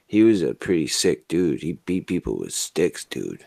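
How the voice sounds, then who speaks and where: A man's voice: very deep voice, wildly swooping pitch, normal speed, vocal fry, a little mellow, no echo, studio quality. A man co-hosting a podcast in casual banter, drawling and tacking "man" and "dude" onto his lines. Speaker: podcast co-host.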